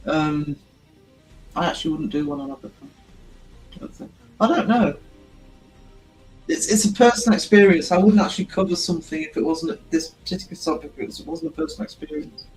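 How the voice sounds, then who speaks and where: A man's voice: fairly high pitch, big pitch swings, brisk, creaky, pauses often, darkish tone, faint music behind, poor audio. A man hosting a livestream, chatting casually with viewers and laughing often. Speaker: livestream host. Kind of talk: casual livestream chat reading comments.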